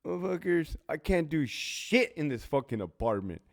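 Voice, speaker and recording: Profane, lively ex-prison-officer man. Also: low-pitched, measured pace, gravelly. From California. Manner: profane, blunt, laughs at himself. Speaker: former prison officer answering viewer questions. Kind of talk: casual Q&A chat.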